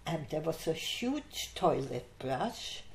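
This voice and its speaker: Slow, low-voiced older woman telling stories. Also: big pitch swings, slight background noise. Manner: unhurried anecdotal telling, laughs often. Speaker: interviewee. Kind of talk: oral history storytelling. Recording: echoey room.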